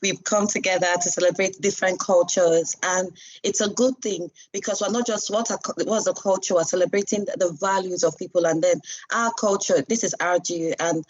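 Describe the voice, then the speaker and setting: A woman's voice: on the low side, fairly quick, few pauses, no echo, lo-fi sound. A young woman, a student union president, chatting casually in a live discussion and telling stories with laughs. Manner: chatty, animated storytelling with laughs.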